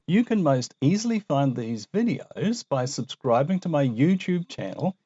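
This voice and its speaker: A man teaching a recorded lesson, explaining slowly and asking gently wry rhetorical questions. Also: fairly high pitch, sing-song, breathy edge, no room sound, muffled recording. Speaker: Greek teacher.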